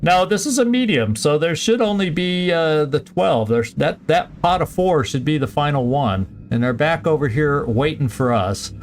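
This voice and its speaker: A man's voice: fairly high pitch, animated, normal speed, few pauses, a little hiss or hum. A man streaming a strategy game, thinking aloud through each move with plenty of fillers and restarts. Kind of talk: casual let's-play commentary.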